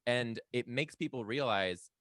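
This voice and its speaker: A man's voice: mid-range voice, measured pace, dry recording, clean studio sound. A young adult man from the United States, a comedian guest telling stories in casual podcast chat and acting out what people said. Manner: animated storyteller, acts out quotes.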